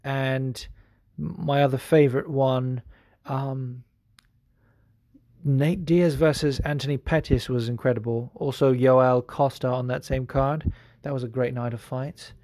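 A man's voice: medium pitch, fairly even intonation, unhurried, a little mellow, no echo, clean studio sound. A man hosting a podcast in casual chat, rambling with many fillers and swearing freely. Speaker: podcast host.

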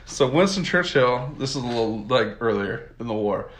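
A man's voice: mid-range voice, lively intonation, moderate pace. A man from the United States casually retelling history in a rambling, slangy way, with many fillers and laughs. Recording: roomy echo.

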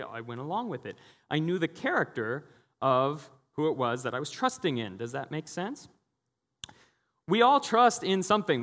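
A man's voice: a little high, fairly bright tone. A man giving a sermon as a guest preacher, praying and then telling stories in a casual, chatty way with acted-out quotes. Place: church hall. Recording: long reverb of a large hall.

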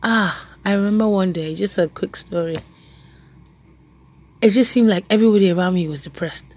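Woman preacher, mid-pitched, animated and repetitive, laughs through her stories. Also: normal speed. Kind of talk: devotional preaching.

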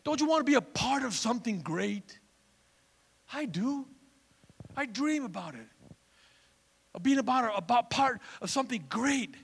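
A male pastor delivers a fervent sermon with a very high, gravelly voice, pausing for call-and-response. His tone is bright and cutting. The sound carries long reverb from a church hall. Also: animated.

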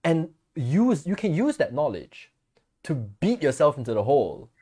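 A man's voice: on the high side, normal speed, slightly rough. A man co-hosting a podcast, chatting casually, telling stories and acting out quotes with easy laughs. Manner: relaxed storytelling, laughs easily, acts out quotes. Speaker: podcast co-host.

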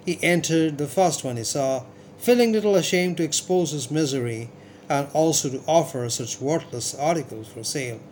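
Male storybook narrator, measured and steady, fairly high voice. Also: slight background noise. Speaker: audiobook narrator.

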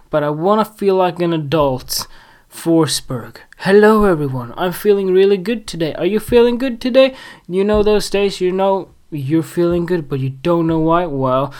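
A man hosting his own solo podcast, rambling and self-mocking, laughing at his own jokes. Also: fairly high pitch. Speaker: podcast host.

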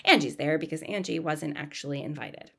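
A woman hosting a podcast, recapping a reality show in a chatty, gossipy, animated way. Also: low voice, fairly quick, creaky, slightly rough. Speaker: podcast host.

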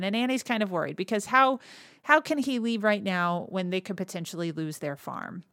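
A woman hosting a podcast, casually retelling a movie's plot, laughing often and slipping into quick quoted lines. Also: fairly high pitch, fairly bright tone, no echo, clean studio sound. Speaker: podcast host.

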